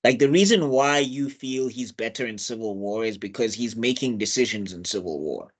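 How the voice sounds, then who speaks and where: A man's voice: fairly low pitch, lively intonation, normal speed, slightly rough. A man, chatting casually on a film review panel, opinionated and rambling, often restarting his sentences. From South Africa.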